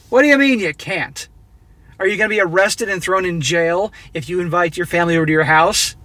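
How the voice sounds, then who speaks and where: A man's voice: sits high, brisk, pushed and bright, no echo. A middle-aged man hosting a commentary channel, giving a blunt, exasperated, preachy monologue about a story he reads out. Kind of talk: opinionated monologue reacting to a read-out story.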